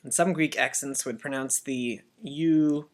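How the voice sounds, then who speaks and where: A teacher giving a Biblical Greek lesson as a voice-over, speaking deliberately and repeating each word so learners can copy it. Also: mid-range voice, steady tone. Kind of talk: slow instructional voice-over.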